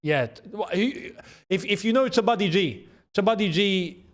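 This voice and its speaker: A young man with a London accent hosting a live football watchalong, chatting in slang and breaking into excited shouts at big chances. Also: sits high, moderate pace. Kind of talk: live match watchalong commentary.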